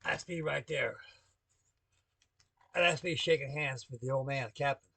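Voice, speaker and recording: Older navy vet rambling a salty story, dry close sound, folksy talk. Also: male voice, medium pitch, moderate pace, vocal fry, pushed and bright, dry recording. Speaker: navy veteran telling a story. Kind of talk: rambling spoken anecdote to the camera.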